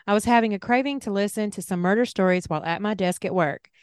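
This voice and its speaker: A woman's voice: mid-range voice, quick pace, clear, resonant tone, no echo, clean studio sound. A woman with a Southern US accent co-hosting a podcast, chatting casually with many fillers and restarts, and reading a listener's letter aloud. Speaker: podcast co-host.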